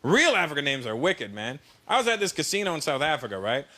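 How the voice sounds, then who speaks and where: A man doing stand-up comedy, animated and loud as he acts out characters. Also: on the high side, quick pace. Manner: animated, loud, mimicking voices. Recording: live show with loud crowd.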